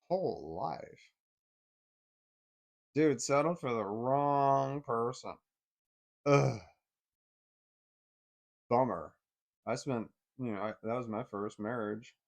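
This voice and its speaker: A middle-aged man speaks in a blunt, heavily profane way, telling a personal story straight to camera. His voice sits at an ordinary pitch for a man. He swings between heated outbursts and low, bitter muttering. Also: takes it slowly, vocal fry, long pauses.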